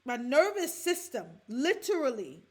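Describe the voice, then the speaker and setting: A woman from the Bronx in her forties, hosting a reaction show and talking to her listeners in a heartfelt, halting way. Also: high voice, very animated. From the Bronx, New York. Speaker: podcast host. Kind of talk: emotional reaction chat.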